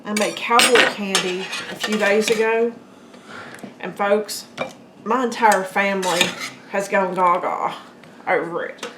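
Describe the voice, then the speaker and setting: A woman's voice: medium pitch, steady tone, measured pace, pauses often, heavy background noise. Chatty woman cooking in an echoey kitchen. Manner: chatty, talks to viewers as guys and folks. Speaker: home cooking channel host. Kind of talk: casual cooking demonstration. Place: home kitchen. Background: clinking dishes and utensils.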